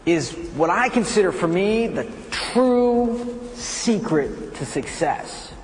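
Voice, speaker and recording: An American man giving a playful, animated storytelling talk at a conference. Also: sits high, takes it slowly, big-room sound, slight background noise. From United States. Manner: animated, playful, self-mocking. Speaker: conference speaker. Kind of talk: storytelling speech. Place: conference hall.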